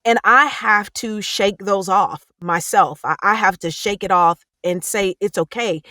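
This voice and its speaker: A woman's voice: medium pitch, unhurried, pushed and bright, no room sound, clean studio sound. A woman audiobook narrator speaking as a podcast guest, earnest and passionate, with careful diction. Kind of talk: candid podcast conversation.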